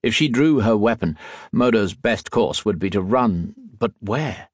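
A man narrating an adventure audiobook in expressive scripted storytelling. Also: lowish voice, unhurried, husky, no room sound, studio quality.

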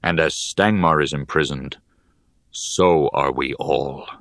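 A man reading as a slow, solemn old poet-mentor. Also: a bass voice, creaky, fairly bright tone, no echo, clean studio sound, pitched below the performer's own voice, exaggerated voice. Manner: slow, measured, solemn delivery. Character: wise older male poet and scholar, gentle mentor. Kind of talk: audiobook character reading.

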